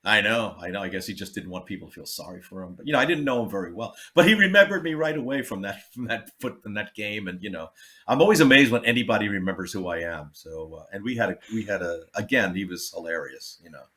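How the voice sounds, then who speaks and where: An older man, a comedian, telling stories in a casual chat and acting out the people he quotes. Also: quick pace. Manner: animated, acts out quotes with big jumps in pitch. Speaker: comedian guest.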